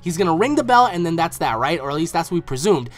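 A man hosting an online video, excitedly recapping an anime episode in casual, emphatic commentary. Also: a little high, quick pace. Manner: excitable, emphatic, acts out characters' lines in quotes. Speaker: anime reaction channel host.

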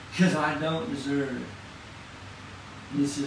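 A man's voice: a little high, fairly even intonation, vocal fry, noisy background. Fervent man preaching in an echoey church. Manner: fast, casual, slangy, fervent. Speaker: church class leader. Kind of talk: impassioned testimony sermon. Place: church hall. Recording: very echoey hall, distant mic.

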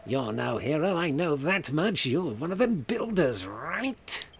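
Man doing a nasal, cackling skeleton deckhand for a game; pitched up, sneering, swooping. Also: big pitch swings, measured pace, gravelly, a little hiss or hum, full character voice. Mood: mocking. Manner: teasing, cackling. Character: cackling skeleton sailor, mocking and sly.

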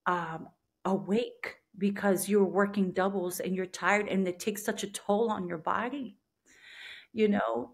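Woman, podcast guest, earnest emotional testimony, mid-range pitch, halting restarts. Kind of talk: personal faith testimony.

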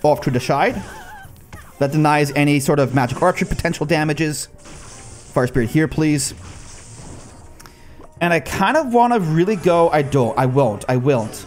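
A young man giving excited live commentary on his own gameplay, talking to his cards and his viewers and calling himself a nub. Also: a little high, normal speed, pauses often. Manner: excitable, talks to the cards and the viewers, self-mocking. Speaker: gaming YouTuber. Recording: faint music bed behind the voice.

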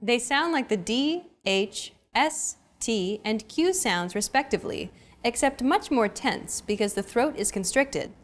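A woman's voice: fairly high pitch, expressive, a little slow. A woman hosting a language lesson, reading a scripted explanation and cheering learners on with short prompts. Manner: bright, encouraging teacher prompts.

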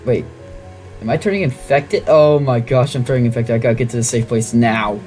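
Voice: medium pitch, brisk, darkish tone, faint music behind. A gaming channel host giving gameplay commentary, reacting dramatically to the game and talking to its characters.

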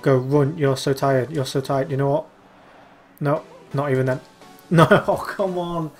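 A man's voice: medium pitch, fairly even intonation, normal speed, darkish tone, soft background music. A young man commentating live over a football video game, exasperated and urging his players on. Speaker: gaming YouTuber.

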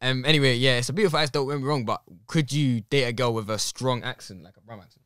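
A man's voice: mid-range voice, fairly even intonation, quick pace, a bit bright, clean tone, no room sound, studio quality. A young man hosting a podcast, chatting casually in slangy style and acting out stories with quoted voices. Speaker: podcast host. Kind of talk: casual chat.

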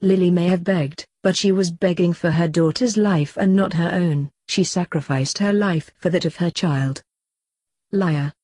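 A woman reading fanfiction aloud in a steady, even narration. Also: on the low side, normal speed, few pauses, no echo. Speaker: fanfiction reader.

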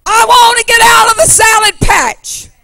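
A woman preacher delivering a fiery revival sermon in a folksy, plain-spoken way, swinging from hushed asides to shouted preaching. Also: very high-pitched, fairly even intonation, measured pace, vocal fry, no room sound.

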